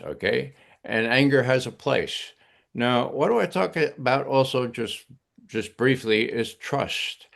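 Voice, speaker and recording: A man's voice: medium pitch, vocal fry. An older man talking on a talk show in a lecturing way, punctuating points with "okay?". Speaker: guest commentator.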